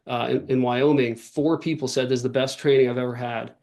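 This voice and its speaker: Brief: man, podcast guest, earnest, rambling, lots of "um" and "like", middling pitch. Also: fairly even intonation, a little fast, warm tone. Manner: earnest, talks in long runs with many fillers and restarts. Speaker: podcast guest, author and workshop leader. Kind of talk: casual interview talk.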